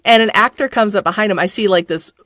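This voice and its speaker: A woman's voice: mid-range voice, fast talker, fairly bright tone, no echo, studio quality. A middle-aged woman telling a story as a podcast guest, laughing often and acting out the people she quotes. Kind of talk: casual storytelling.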